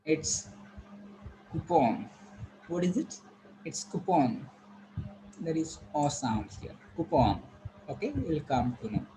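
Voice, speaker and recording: A man's voice: on the high side, big pitch swings, moderate pace, warm tone, slight background noise, low-quality recording. A man with an Indian accent teaching English pronunciation, repeating words and coaxing students to check dictionaries. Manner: repetitive, coaxing, drills words aloud. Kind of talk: online pronunciation lesson.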